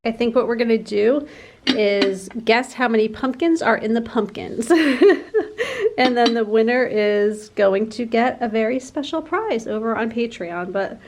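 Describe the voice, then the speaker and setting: A woman in her forties vlogging her busy day in a chatty, apologetic way, laughing often. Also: background noise. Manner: high, sing-song baby talk to her pets. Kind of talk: casual daily vlog.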